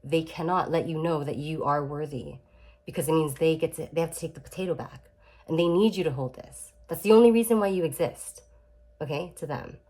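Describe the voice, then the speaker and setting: Young adult woman, low voice, casual self-help vlogger, chatty and emphatic with frequent restarts. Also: fairly quick, warm tone. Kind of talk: casual talk to camera.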